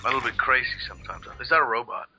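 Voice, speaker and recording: A let's play co-host, male, chats casually over gameplay in a mid-range voice, talking rapid-fire against background noise. He rambles, swears freely, and often hunts for the right word.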